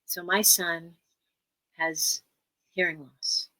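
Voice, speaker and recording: A woman's voice: fairly low pitch, flat delivery, extremely slow, pushed and bright. A woman therapist as a podcast guest, speaking earnestly and emphatically in a teaching manner and repeating key phrases.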